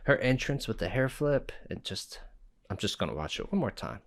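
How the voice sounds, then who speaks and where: A man hosting a reaction video, talking casually and excitably, swearing freely and laughing between remarks. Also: mid-range voice, moderate pace.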